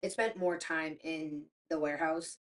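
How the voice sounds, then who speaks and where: A middle-aged woman co-hosting a podcast, telling stories in casual chat, animated and swearing freely as she acts out quotes. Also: deep voice, a little slow. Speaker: podcast co-host.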